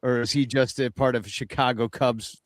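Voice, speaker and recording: A man's voice: mid-range voice, fairly even intonation, normal speed, no echo, clean studio sound. A man hosting a casual chat show, joking with wry asides. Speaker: host.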